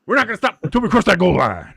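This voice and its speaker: Hosting a live match watch-along, a man chats casually, excitable and quick to swear, laughing often and shouting at the big moments. His voice is high-pitched, rapid-fire, creaky, and a bit breathy, with no echo.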